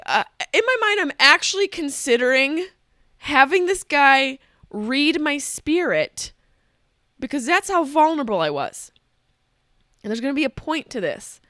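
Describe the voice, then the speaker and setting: A woman hosting a podcast, telling a comic story in a profane, animated way and often interrupting herself. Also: sits high, unhurried, no echo, clean studio sound. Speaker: podcast host. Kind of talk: comedic storytelling monologue.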